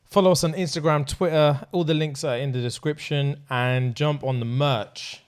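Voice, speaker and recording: A man's voice: a little high, steady tone, normal speed, clear, resonant tone. A man co-hosting a podcast, joking crudely and laughing through casual chat. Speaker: podcast co-host.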